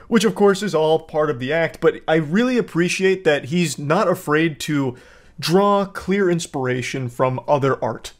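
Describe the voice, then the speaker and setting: Male commentator, sarcastic, profane, mock praise, a bit high-pitched. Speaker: commentary host. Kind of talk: reaction commentary.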